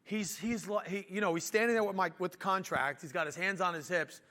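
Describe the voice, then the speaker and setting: A man telling a business story in an animated way, acting out what people said to him. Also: high-pitched, fairly quick. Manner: animated, acts out quotes. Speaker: business owner and speaker.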